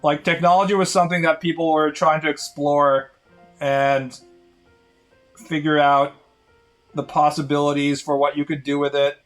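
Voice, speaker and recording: A man's voice: fairly high pitch, little pitch movement, moderate pace, pauses often, faint music behind. A man chatting casually on a live stream in a sardonic, rambling way.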